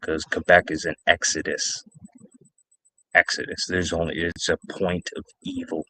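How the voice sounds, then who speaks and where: A man's voice: low voice, little pitch movement, unhurried, bright, forceful tone, no room sound. A man in his forties telling rambling, profane stories alone on a stream, repeating himself. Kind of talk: casual storytelling.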